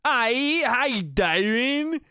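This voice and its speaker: A man putting on a shrill mock-British caricature. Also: expressive, clear, resonant tone, no room sound, clean studio sound, exaggerated voice. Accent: exaggerated fake British. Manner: shrill, loud, drawn-out.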